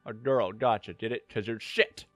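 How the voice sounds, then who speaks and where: A young man hosting a gaming video, boasting, joking and yelling at the game as he plays. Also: fairly low pitch, normal speed, no room sound, soft background music. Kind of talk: gameplay commentary.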